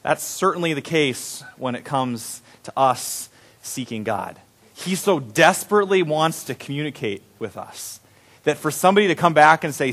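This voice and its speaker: A man's voice: a little high, animated, normal speed, a bit bright. A male pastor giving a sermon in a conversational, playful storytelling manner.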